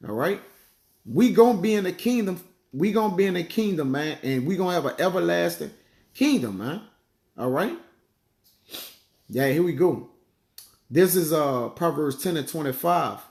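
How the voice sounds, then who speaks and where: A man giving a casual sermon, chatting loosely and reading Bible verses slowly while he hunts for passages. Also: on the high side, lively intonation, darkish tone, roomy sound. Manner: conversational, peppers lines with "man" and "all right"; reads verses slowly, searches aloud for passages. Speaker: bible teacher.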